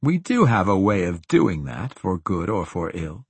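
A man doing a suave, teasing dark elf rogue. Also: low voice, a little slow, dry recording, heavily acted. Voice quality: smooth and flattering. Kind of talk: audiobook character reading.

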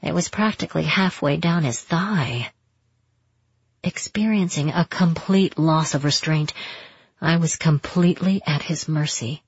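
A woman narrating a first-person romance story in a steady, intimate way. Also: deep voice, unhurried, slightly rough, no room sound. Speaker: audiobook narrator. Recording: dull, muffled audio.

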